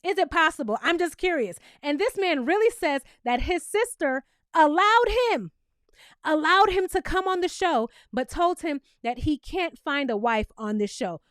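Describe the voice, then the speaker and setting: High-voiced woman, sassy and emphatic, recapping a show, dry close sound. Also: lively intonation, normal speed, a bit bright, dry recording. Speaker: reality TV reviewer. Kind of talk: casual commentary vlog.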